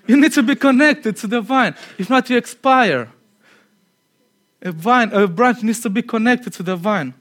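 A man with a high voice gives a conversational sermon to a congregation. He is earnest but chatty, laughs easily at himself, and sinks into a quiet, low tone when he wants a point to land. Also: moderate pace. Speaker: preacher.

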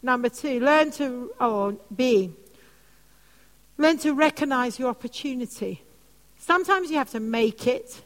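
Woman, preacher, animated stories, fairly high voice, long hall echo. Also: a little slow. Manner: animated storytelling, soft lowered voice for quoted comforting words. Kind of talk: teaching session on prayer.

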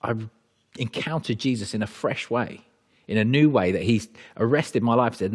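A man's voice: mid-range voice, moderate pace, darkish tone. A man preaching a sermon in a conversational way, often restarting his sentences.

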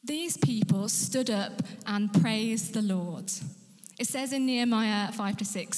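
A woman's voice: on the high side, slow pace, a little mellow. A woman preaching a sermon with earnest emphasis. She drops to a whisper at key points and rallies listeners with questions. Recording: hall with long reverb.

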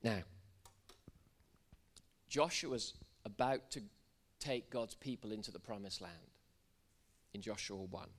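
A man's voice: on the low side, takes it slowly, long pauses, a bit bright. A man from Wales preaching a church sermon, joking with the congregation and building to fervent proclamation. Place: church service in front of a congregation.

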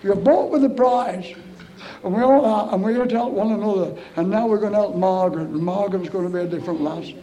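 High-voiced preacher, fervent. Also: male voice, fast, warm tone, rough recording. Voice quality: emotional, pleading delivery with repeated stammered starts.

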